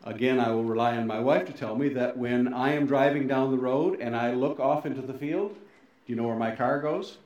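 A middle-aged male pastor giving a sermon, swinging between loud emphasis and soft, low endings, with folksy, self-deprecating asides. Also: normal speed, muffled recording. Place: church sanctuary. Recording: very echoey church hall.

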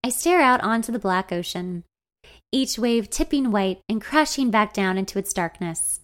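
A woman narrating a first-person novel in an even, wry storytelling manner. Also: mid-range voice, moderate pace. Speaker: audiobook narrator.

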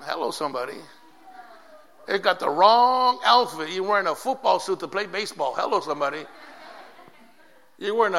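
A man preaching a sermon to his church, calling out to the congregation and building up to shouts. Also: high-pitched, vocal fry. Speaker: pastor.

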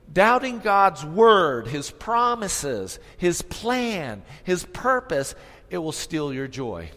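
A man's voice: on the high side, a bit bright. A man preaching a sermon, emphatic, repeating phrases and asking his congregation questions. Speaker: pastor. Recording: long hall reverb.

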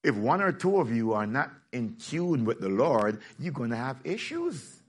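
A man preaching a sermon in a lively, plainspoken way, joking with his congregation and rising to shouts. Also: mid-range voice, normal speed, breathy edge. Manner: plainspoken, casual phrasing. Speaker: pastor.

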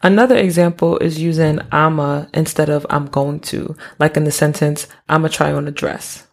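Woman with vocal fry, casual explainer. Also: low voice, normal speed. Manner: relaxed, explains with casual slang and asides. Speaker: podcast host.

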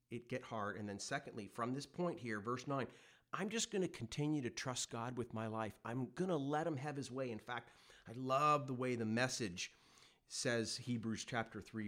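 A male pastor delivering a conversational sermon that builds to emphatic, animated bursts when he voices God. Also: mid-range voice. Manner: conversational preaching, rising to emphatic peaks when quoting God.

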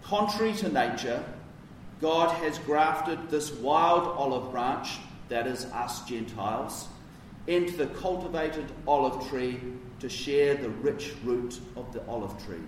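A man's voice: medium pitch, unhurried, slight background noise. A man preaching a sermon in a conversational, emphatic way, with casual asides. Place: church. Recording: roomy echo from a distance.

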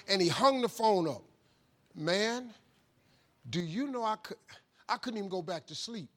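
A man giving a motivational talk, telling a story with lively shouted bits where he acts out phone calls. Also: sits high, a little slow, long pauses. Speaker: motivational speaker.

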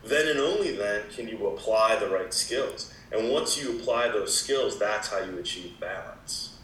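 A man talking as a wellness expert guest in a casual interview, with a relaxed, explaining manner full of "you know" fillers. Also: lowish voice, measured pace, slight background noise. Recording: echoey room.

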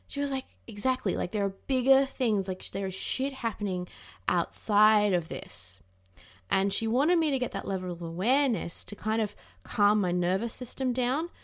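A young woman hosting a podcast, talking casually and animatedly, swearing freely and acting out the voices in her head. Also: mid-range voice. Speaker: podcast host. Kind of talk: casual advice monologue.

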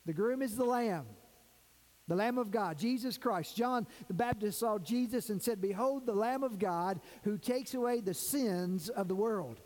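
A man delivers a sermon from a church sanctuary, his voice sitting high for a man. He leans on key words and draws them out slowly for emphasis. A long reverb from the hall trails after each phrase. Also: a little mellow. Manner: preaching with emphatic, drawn-out stresses. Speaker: pastor.

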